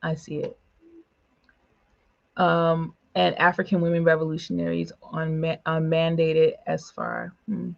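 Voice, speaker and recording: A woman speaking emphatically in a political broadcast discussion, with quick asides and short laughs. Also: sits low, completely flat delivery, vocal fry, muffled recording. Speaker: panelist for a women's political organization.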